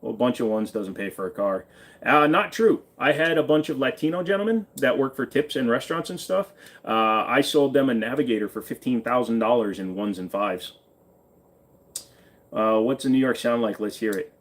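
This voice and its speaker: A man's voice: medium pitch, animated, moderate pace, fairly bright tone. A man from Virginia casually answering live chat questions, offhand and swearing freely, while sitting in a friend's pawn shop.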